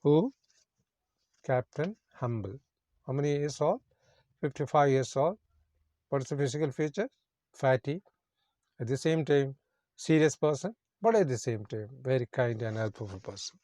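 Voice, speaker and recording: A male English teacher works through a story, reading a passage and then explaining its words. He speaks simple, non-native English at an everyday pitch and repeats each meaning. The sound is dry and close. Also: expressive, normal speed, long pauses, mellow, dry recording.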